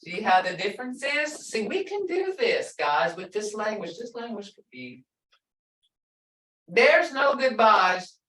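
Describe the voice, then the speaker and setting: Middle-aged woman language teacher, slow and patient, sits back from the mic in a roomy space. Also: mid-range voice, a bit bright. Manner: explains patiently, repeats words slowly, laughs lightly. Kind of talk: online language lesson. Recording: roomy sound from a distance.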